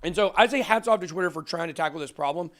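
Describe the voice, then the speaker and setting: A man hosting a crypto talk show, emphatic and excitable, ranting into the camera. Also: fairly high pitch, fast talker. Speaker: crypto channel host. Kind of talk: fired-up casual talk on camera.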